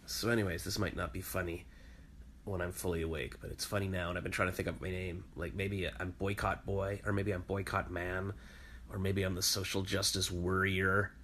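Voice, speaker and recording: A man's voice: deep voice, little pitch movement, moderate pace, fairly bright tone, slight background noise. A man vlogging casually from his home, rambling and joking in a self-deprecating way. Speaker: vlogger and voice actor. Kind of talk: casual vlog.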